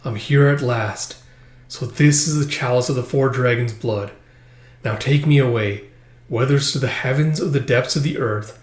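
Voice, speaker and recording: A man voicing a weary immortal young man who longs for death, reading his lines in a quiet, resigned way. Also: medium pitch, moderate pace, natural voice. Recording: roomy echo.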